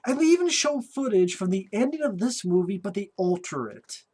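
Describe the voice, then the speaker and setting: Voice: mid-range voice, expressive, brisk, darkish tone, slightly rough. Blunt, profane movie reviewer ranting. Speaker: film reviewer. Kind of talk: casual movie review rant.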